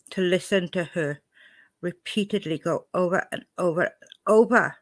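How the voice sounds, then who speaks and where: A woman's voice: lowish voice, moderate pace, no echo. An upset, indignant woman from Wales reacting angrily to a clip she has just played for her viewers. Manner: indignant, confrontational. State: upset, emotional. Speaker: reaction video host.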